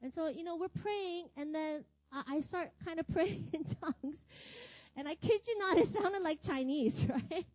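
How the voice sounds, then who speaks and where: A woman's voice: very high-pitched, normal speed, darkish tone, dry recording, highs cut off. A woman teaching a casual sermon, chatty and full of laughter, with lots of filler words and "right?" tag questions. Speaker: ministry teacher.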